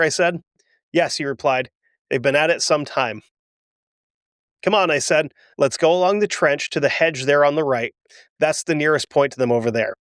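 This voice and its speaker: Brief: male podcast host, slightly high voice, reads history aloud with candid personal asides, dry close mic. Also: a bit bright, no echo. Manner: emotional, self-deprecating asides between readings. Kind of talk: reading a historical account with asides.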